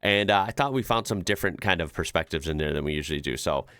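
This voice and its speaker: A man's voice: low-pitched, quick pace, a bit bright, clear, resonant tone, dry recording, clean studio sound. A man hosting a reaction video, chatting casually with lots of fillers and laughs. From United States. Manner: laid-back, chuckles often, explains with many fillers.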